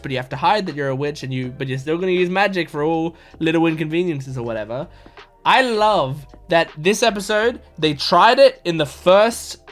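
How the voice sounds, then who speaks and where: A man's voice: on the high side, fairly bright tone. A man in his twenties talking casually about an anime episode, enthusiastic and rambling, with lots of fillers and restarts. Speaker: anime reaction YouTuber.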